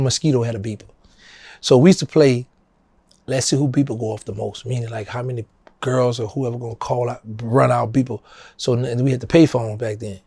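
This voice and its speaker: A middle-aged man with a New Orleans accent spins a long street story, jumping up in pitch whenever he plays the people in it. His voice is gravelly and a little husky. It sounds close and dry, with no room around it. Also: dry recording. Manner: animated storyteller, acting out quoted voices in a higher pitch. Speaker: interview guest. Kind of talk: storytelling in a casual interview.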